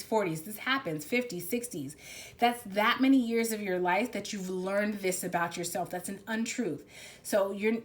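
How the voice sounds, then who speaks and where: A woman giving a spiritual card reading in a casual, rambling, emphatic way, often restarting her sentences. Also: medium pitch. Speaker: tarot reader.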